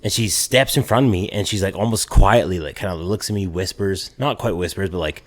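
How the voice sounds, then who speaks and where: Low-voiced man telling an animated story. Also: fast, hardly any pauses. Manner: animated, swearing, heavy filler "like", laughs mid-story. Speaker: podcast co-host. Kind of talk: casual chat, storytelling.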